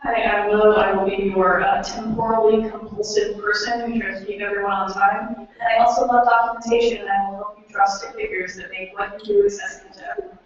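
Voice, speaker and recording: A woman timekeeper gives cheerful, practical instructions to the participants. Her pitch stays quite level, and she is heard from a distance in a very echoey room. The recording is dull, with faint noise in the background. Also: level tone, fast talker. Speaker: event timekeeper. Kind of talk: event announcements.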